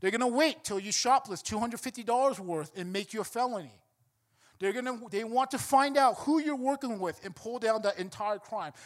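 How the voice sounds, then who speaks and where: High-voiced animated male preacher. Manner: animated, building to emphatic preaching. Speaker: pastor. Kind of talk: sermon.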